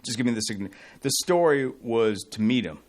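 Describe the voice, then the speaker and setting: A middle-aged man shares long, rambling tales while co-hosting a relaxed radio talk show, growing animated when he gets excited. He has a mid-range voice and a moderate pace.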